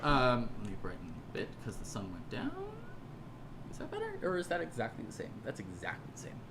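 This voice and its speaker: A speaker giving a sarcastic, mocking commentary rant, recorded at home on camera. The pitch swings widely and lively, with frequent laughter. A faint hum of room ambience sits behind the voice. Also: a little fast. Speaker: commentary creator. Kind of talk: casual ranting commentary to camera.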